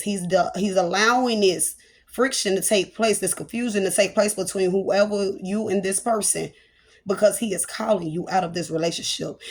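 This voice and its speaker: A woman prophetess giving a spoken prophetic message, chatty and playful, with church exclamations. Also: mid-range voice.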